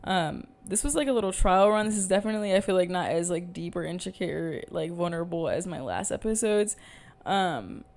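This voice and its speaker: A woman's voice: lowish voice, lively intonation, a little fast, vocal fry, hardly any pauses, a little mellow. Young woman rambling candidly on her podcast. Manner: rambling, candid, swears freely, filler-heavy. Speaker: podcast host. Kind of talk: casual solo podcast chat. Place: at home, talking to camera.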